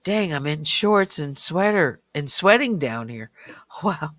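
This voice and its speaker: A late-night stream host talks slowly and softly in a small warm room, sometimes sinking into a whisper. The voice is a little dry and strained, with a mid pitch. The sound is close and dry, with no room echo. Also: expressive. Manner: slow, quiet, often near a whisper.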